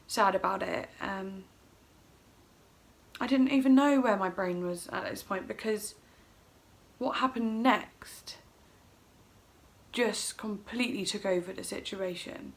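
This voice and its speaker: A middle-aged woman vlogger at home tells a personal story in a casual, emotional, rambling way, acting out her own quotes. Her mid-range voice is creaky, and she takes it slowly with long pauses.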